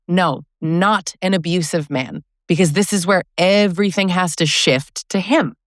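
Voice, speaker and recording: A woman's voice: lowish voice, no room sound. Woman coach, pointed and very dry. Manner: emphatic, pointed rhetorical questions. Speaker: relationship coach. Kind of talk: direct-to-camera advice talk.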